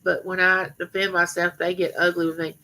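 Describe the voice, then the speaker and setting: A middle-aged woman with a rough voice, rambling chattily to her viewers as host of a live stream. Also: lowish voice, flat delivery, a little fast, sharp tone, poor audio. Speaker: livestream host. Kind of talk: casual live stream chat.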